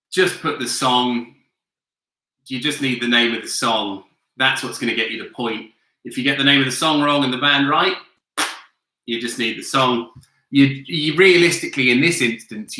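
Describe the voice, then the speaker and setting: A man hosting a virtual pub quiz from home, talking in a loose, sweary, chatty way. His voice is very bright and sharp-edged. It carries a roomy echo from the room around him. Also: mid-range voice, moderate pace, pauses often. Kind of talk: casual online quiz hosting. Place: home, with a flatmate nearby.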